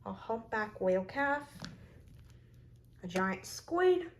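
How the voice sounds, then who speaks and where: Slow-talking woman showing off her collection. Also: fairly high pitch, big pitch swings, a little hiss or hum, low-quality recording. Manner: chatty, lists items one by one with short comments. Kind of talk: casual show-and-tell vlog.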